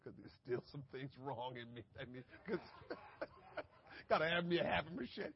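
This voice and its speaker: A man preaching a conversational sermon, dropping to a hush and then rising to shouts, acting out little conversations and laughing at himself. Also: mid-range voice, animated, moderate pace, breathy edge, muffled recording. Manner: conversational preaching with big swings from hushed to shouting. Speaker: pastor.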